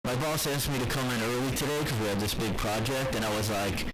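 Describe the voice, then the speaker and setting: A man voicing an angry, loud male satellite-radio shock jock who rants with profane catchphrases. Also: mid-range voice, fairly even intonation, fast talker, faint music behind, voice pushed up, close to an everyday voice, rough recording. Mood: ranting. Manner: shouting, ranting, profane catchphrases. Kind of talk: mock radio show bit.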